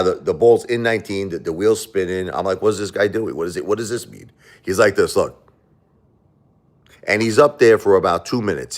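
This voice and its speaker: Deep-voiced defensive man on a livestream. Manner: defensive, repetitive, animated storyteller. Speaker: livestream host. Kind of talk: casual livestream chat answering viewer questions.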